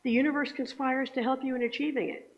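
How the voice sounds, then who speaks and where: A woman's voice: high voice, fairly even intonation, fast talker. Woman preaching in an echoey hall. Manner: chatty, asks the congregation for agreement. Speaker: speaker giving the Sunday message. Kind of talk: conversational sermon. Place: church sanctuary. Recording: echoey hall, dull lo-fi sound.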